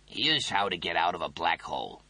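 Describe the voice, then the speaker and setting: Chatty know-it-all toaster, coy and teasing, husky edge; a man reads it. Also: deep voice, very animated, moderate pace, bright, forceful tone, dry recording, pitched below the performer's own voice, heavily acted. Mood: lecturing. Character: smug chatty male talking toaster.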